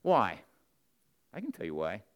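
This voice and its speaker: A man preaching a sermon to the men in his congregation, earnest and direct, swinging between loud emphatic bursts and low, close asides. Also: huge pitch swings, a little slow.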